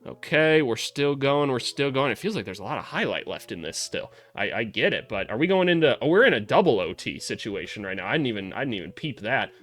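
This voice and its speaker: A young man breaking down basketball film in casual, profane, excitable commentary, joking and shouting at big plays. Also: mid-range voice, brisk, hardly any pauses.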